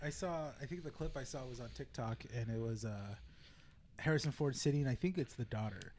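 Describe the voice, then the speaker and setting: A man's voice: mid-range voice, fairly quick, darkish tone, slight background noise. A man co-hosting a casual podcast chat, laughing often and agreeing along. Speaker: podcast co-host.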